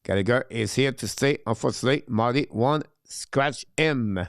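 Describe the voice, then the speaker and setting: Man, French accent, live hockey stream host, halting speech full of ums and uhs, mid-range voice, dry close sound. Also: medium pitch, dry recording. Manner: halting, many filler sounds, reads out viewer questions. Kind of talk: live hockey watch-along chat.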